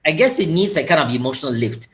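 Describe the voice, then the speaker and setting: A man hosting a casual online talk show, telling an animated, self-deprecating story on a video call. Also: a little high, quick pace. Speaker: host.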